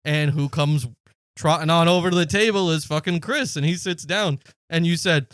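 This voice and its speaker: A man's voice: a little high, moderate pace, a bit bright, smooth, dry recording, clean studio sound. A man in his late twenties, a podcast co-host, telling a story in casual chat and acting out the quotes with plenty of swearing.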